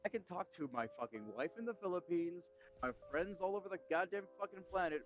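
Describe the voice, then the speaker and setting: A man's voice: high voice, expressive, fairly quick, muffled recording. A man ranting animatedly in casual chat, swearing heavily.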